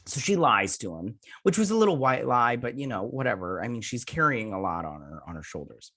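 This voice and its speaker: A man's voice: medium pitch, big pitch swings, fairly quick, fairly bright tone. Rambling man recapping a TV episode. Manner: rambling, retells scenes with "he's like" quotes; self-mocking jokey asides. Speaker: host. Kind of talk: casual episode recap and review.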